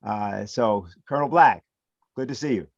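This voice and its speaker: A man's voice: lowish voice, normal speed, gravelly, dry recording, lo-fi sound. A man hosting and moderating a panel, politely introducing the next speaker. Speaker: host, moderator.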